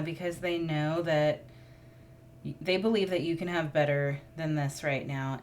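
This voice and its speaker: A woman's voice: deep voice, slight background noise. A woman reading tarot cards in a casual, musing monologue, thinking aloud and getting emotional as she draws cards. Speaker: tarot reader.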